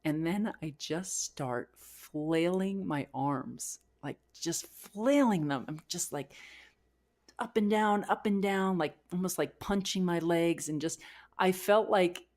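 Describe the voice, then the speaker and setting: Low-voiced woman sharing a raw story. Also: slow, a little mellow. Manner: candid, emotional retelling with frequent fillers and restarts. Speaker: podcast co-host. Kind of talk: personal storytelling.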